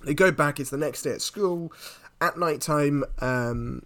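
A man's voice: a little high, a little slow, sharp tone, dry recording. A man in a casual film discussion, retelling the plot at length with many restarts and fillers.

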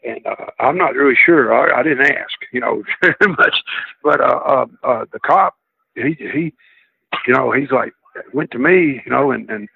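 A man's voice: mid-range voice, vocal fry, slightly rough, no echo. A man, a guest telling rambling stories in a casual interview, circling back on himself. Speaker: guest, former wrestler. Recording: tinny phone line.

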